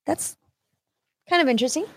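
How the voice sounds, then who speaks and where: A young woman co-hosts a casual livestream, reading out viewer questions with hesitant, soft-spoken delivery. Her voice is a little high. The recording is dry and close. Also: fairly quick, no room sound.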